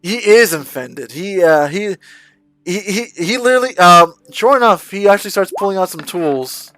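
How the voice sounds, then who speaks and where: A man's voice: high voice, animated, moderate pace, bright, forceful tone, faint music behind. A man narrating a live tabletop game as game master, rambling and correcting himself as he goes. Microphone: streaming microphone.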